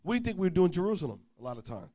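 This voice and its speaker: A male preacher tells a travel story during an informal sermon, acting out both sides of the conversation. His voice sits high and moves fast with big pitch swings, shifting between loud and soft.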